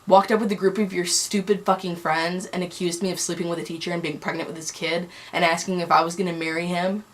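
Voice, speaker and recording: A woman's voice: on the low side, flat delivery, quick pace. Young woman, vlogger, angry, heated, rambling storytime. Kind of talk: storytime vlog.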